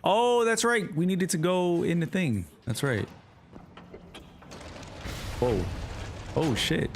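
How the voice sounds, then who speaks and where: A man with a New York accent chatting casually to his livestream chat while gaming, relaxed and slangy. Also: a little high, slow, pauses often, faint music behind. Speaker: streamer.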